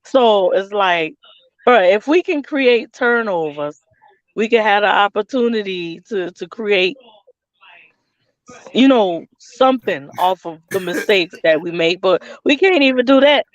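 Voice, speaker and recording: A woman's voice: medium pitch, expressive, a little slow, dry recording, highs cut off. A woman, co-hosting a casual sports podcast and talking in a dejected, scolding way. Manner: dejected, then heated and scolding. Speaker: podcast co-host.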